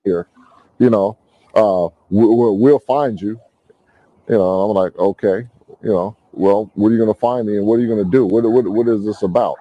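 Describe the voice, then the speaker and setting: A man recounting events in an interview clip, speaking in a measured, hesitant way with frequent ums. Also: on the low side, highs cut off.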